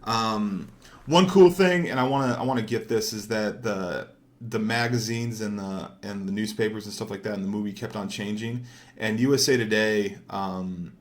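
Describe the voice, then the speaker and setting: A young man giving casual, rambling commentary over gameplay, swearing freely and getting easily excited. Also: on the low side. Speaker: gaming commentator.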